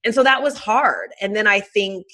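Chatty bright-voiced woman telling a story. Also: mid-range voice, moderate pace. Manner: chatty, animated, many fillers. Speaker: guest. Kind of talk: casual storytelling interview.

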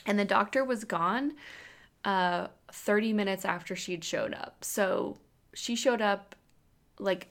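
A woman's voice: mid-range voice, slow. A woman in her thirties telling the story of giving birth in a casual, chatty way, full of "like" and "um". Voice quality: creaky fry, filler-heavy with "like" and "um". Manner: animated retelling, acting out quoted lines.

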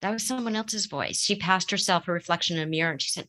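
A middle-aged woman speaks as a therapist, her voice low-pitched yet bright. She talks calmly and reflectively. She explains her points through examples. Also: a little fast. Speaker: therapist guest. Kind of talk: advice talk on a call-in show.

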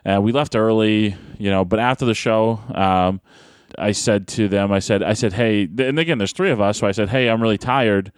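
A man's voice: fairly low pitch, moderate pace, clean tone, dry recording. Man, wrestler type, casual podcast storyteller, laughs a lot, dry close mic. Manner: animated storyteller, laughs often, acts out voices. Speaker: pro wrestler, podcast guest.

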